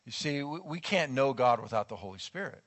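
A male pastor preaching a sermon in a lively, conversational way, acting out quotes as he goes. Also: mid-range voice, brisk. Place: church sanctuary. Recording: long church hall reverb.

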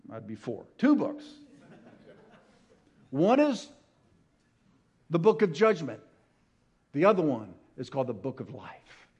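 A middle-aged male pastor preaching a sermon, swinging from soft hushed words to loud emphatic ones. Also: a little high, sing-song, takes it slowly, pauses often, slightly rough.

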